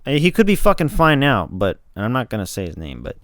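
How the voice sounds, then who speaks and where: A man's voice: medium pitch, wildly swooping pitch, fast talker, no echo. A young man co-hosting a podcast, chatting in a laid-back way and swearing often. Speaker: podcast co-host. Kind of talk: casual chat.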